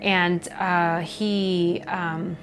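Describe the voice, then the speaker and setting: A young woman from Chicago telling her personal story in a documentary interview, candid and reflective, halting often with fillers. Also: fairly low pitch, level tone, background noise. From Chicago, USA. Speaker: MMA fighter. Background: faint background music.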